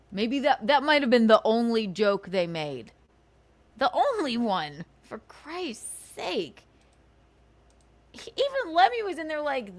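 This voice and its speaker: Sarcastic woman host, casual stream rant, giggly, lively pitch. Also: takes it slowly, pauses often. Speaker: livestream host.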